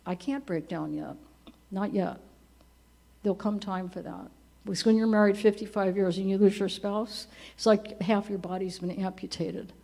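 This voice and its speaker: A woman in her seventies giving a eulogy for her husband at a church memorial, telling gentle, conversational stories and laughing softly at them. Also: medium pitch. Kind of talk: personal storytelling at a memorial service. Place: church service.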